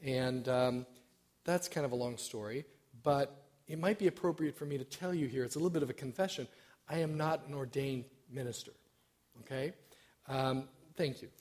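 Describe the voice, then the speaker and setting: A man's voice: medium pitch, moderate pace, darkish tone. A middle-aged man giving an informal sermon as a church stewardship director, self-deprecating and hesitant, with many fillers.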